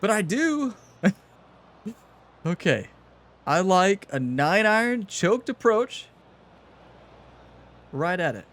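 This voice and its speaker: Young man, casual gameplay commentary, chatty, talks to viewers, a bit high. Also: big pitch swings, drawn-out words, pauses often, fairly bright tone. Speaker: gaming channel host.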